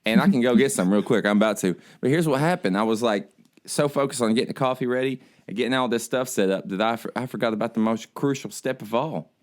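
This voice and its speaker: A man's voice: mid-range voice, fast talker. A man co-hosting a casual podcast, sleepy and laid-back, rambling with easy laughs. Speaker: podcast co-host. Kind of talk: casual chat.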